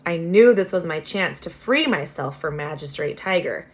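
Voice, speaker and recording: A woman reading a children's novel aloud, expressive, with casual asides to her listeners. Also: lowish voice, normal speed. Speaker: reader.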